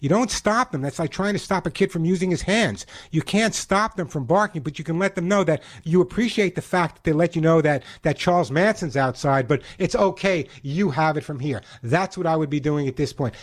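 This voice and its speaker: A man hosting a call-in pet radio show, giving emphatic advice with quick jokes. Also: fairly high pitch.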